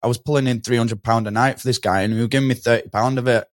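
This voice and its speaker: Man, slangy storyteller, mid-pitched, dry close sound. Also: steady tone, rapid-fire, no echo. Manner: chatty, slangy, acts out quoted voices. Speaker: podcast guest. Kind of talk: casual storytelling.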